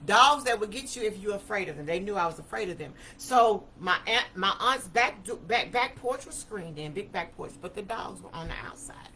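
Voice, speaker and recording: A woman's voice: mid-range voice, animated, moderate pace, few pauses, bright, forceful tone, poor audio. A woman in her fifties telling a personal story to an audience in a vivid, emphatic manner with everyday vernacular. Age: 50s. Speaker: speaker. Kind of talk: personal testimony talk.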